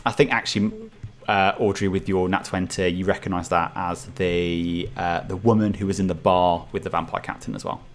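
A man's voice: sits low, fairly even intonation, moderate pace. A man narrating as dungeon master in loose, filler-heavy descriptions. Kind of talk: narrating a tabletop game.

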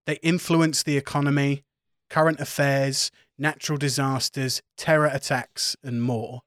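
A man's voice: medium pitch, flat delivery, unhurried, fairly bright tone, dry recording, studio quality. A man narrating as game master of a tabletop role-playing game, laughing along with his players.

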